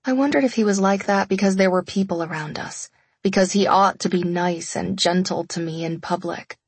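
A woman's voice: on the low side, normal speed, husky, no echo. A woman narrating a romance audiobook in the first person, intimate and confessional.

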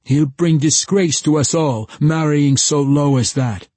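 A man voicing a gruff, scornful village man who rants loudly. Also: on the high side, unhurried, dry recording, voice pushed up. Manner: scornful, ranting.

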